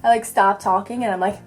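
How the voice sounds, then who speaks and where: A young woman chatting her way through a makeup tutorial, talking fast in a bubbly, goofy way. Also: fairly high pitch. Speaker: beauty vlogger.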